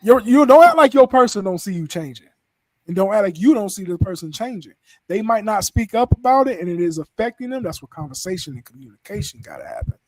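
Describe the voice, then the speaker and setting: High-voiced guy on a podcast, dry close sound, all hyped up. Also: quick pace, no room sound. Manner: excitable, hypes others up. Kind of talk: casual podcast chat.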